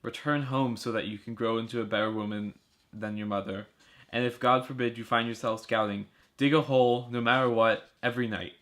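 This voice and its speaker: A man's voice: medium pitch, fairly even intonation, brisk, a bit bright, natural voice. A man reading the letter of a loving, remorseful mother, tender and pleading, in an amateur audiobook reading.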